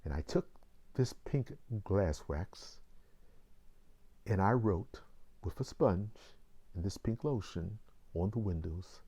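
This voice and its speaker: An older man in his sixties tells a personal story in a deep, mellow voice. He speaks slowly and takes deliberate pauses between phrases. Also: breathy edge. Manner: slow, measured, with deliberate pauses.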